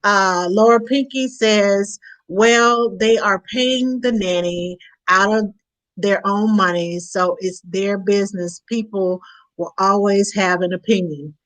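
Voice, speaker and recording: A woman's voice: medium pitch, fairly even intonation, a bit bright, poor audio. A woman hosting a casual live chat, reading viewer comments aloud and stumbling over names. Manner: reads names haltingly, apologetic.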